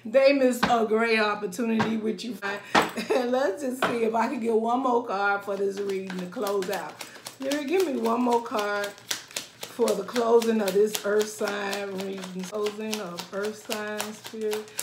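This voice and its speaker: A woman giving a casual tarot reading in an animated way, laughing often and acting out quoted lines. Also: medium pitch, a little slow, reverberant, heavy background noise. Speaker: tarot reader.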